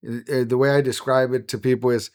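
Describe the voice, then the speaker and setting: Middle-aged man, pastor giving heartfelt testimony; everyday mid-pitch voice, earnest, goes soft on painful parts. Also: level tone, fast talker, smooth. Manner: earnest, emotional storytelling, drops to a hush on painful moments. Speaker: pastor and podcast guest. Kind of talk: personal testimony in conversation.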